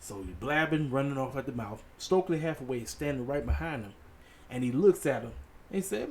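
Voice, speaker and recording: A man giving a casual, animated solo review of a wrestling show, talking straight to his viewers. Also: medium pitch, a little fast, slight background noise. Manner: animated, conversational, addresses viewers as ladies and gentlemen.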